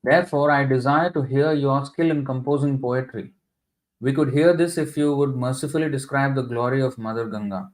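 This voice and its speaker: A middle-aged man teaching a scripture class, reading verses and explaining them step by step with many ums and restarts, sometimes chanting lines slowly. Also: medium pitch, a little mellow.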